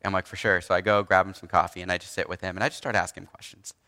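Bright young preacher in a reverberant hall. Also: male voice, sits low, level tone, very fast. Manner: casual, earnest storytelling with many restarts and fillers. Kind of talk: personal story in a sermon.

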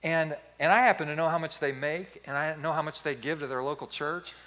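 Man, pastor, sermon, animated storytelling, forceful bright tone. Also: fairly high pitch, fairly quick.

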